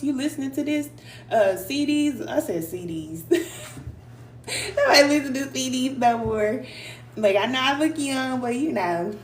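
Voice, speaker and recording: A woman's voice: high-pitched, a little mellow. A woman giving a motivational spiritual self-help talk to viewers, emphatic and repeating short affirmations in a conversational way. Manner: conversational, addresses viewers directly. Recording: echoey room with faint hum.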